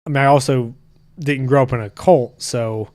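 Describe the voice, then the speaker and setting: A man's voice: mid-range voice, fairly even intonation, normal speed, darkish tone. Profane, easygoing man chatting. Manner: loose and profane, with frequent restarts. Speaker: podcast host. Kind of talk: casual chat reading live comments.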